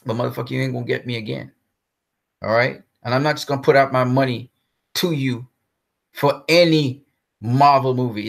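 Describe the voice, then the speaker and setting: In a ranting film vlog, a man with a medium-pitched, fairly bright voice tears into a movie with blunt profanity, hammering his points by repeating himself as the commentary host.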